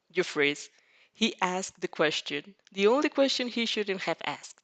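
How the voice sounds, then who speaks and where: Someone reads a fanfic aloud casually, reacting as they go, often tripping over words and bursting into laughter. Their mid-range voice swings widely in pitch, with a measured pace and a fairly bright tone.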